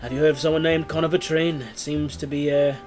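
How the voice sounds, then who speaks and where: A man's voice: on the high side, steady tone, fast, darkish tone, natural voice. A man voicing a determined male investigator in a tabletop game, speaking in an earnest, persistent way. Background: guitar music.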